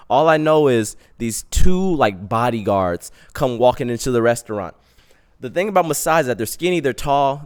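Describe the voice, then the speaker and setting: A man's voice: mid-range voice, clean tone. A young man hosting a podcast, telling a story in a casual, slangy way and acting out the quotes. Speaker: podcast host.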